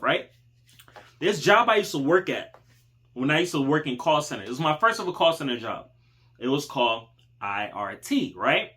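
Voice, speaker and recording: A man's voice: high voice, a bit bright. A man hosting his channel, giving a casual motivational talk in slangy street speech, calling the listener dog and bro. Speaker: channel host.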